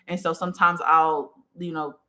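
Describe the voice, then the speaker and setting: A woman's voice: sits low, moderate pace. Chatty woman hosting a spiritual live stream. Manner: affirming, repeats "okay" and "period", relaxed and chatty; yawns and sighs now and then. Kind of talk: casual live-stream chat reading viewer comments.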